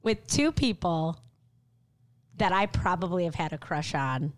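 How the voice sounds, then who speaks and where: A woman co-hosting a podcast in loose, casual banter. Her voice sits low but swings widely in pitch as she delivers deadpan, over-the-top jokes, often trailing off into "like". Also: unhurried. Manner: deadpan, mock-dramatic jokes; trailing fillers like "like". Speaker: podcast co-host. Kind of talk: casual comedic chat.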